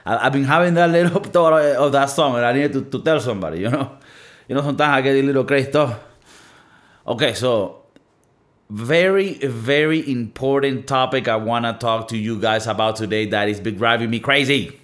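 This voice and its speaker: Young male podcast host, loose profane solo rant, animated delivery. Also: mid-range voice, moderate pace. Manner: animated, profane, rambling with playful mock-singing.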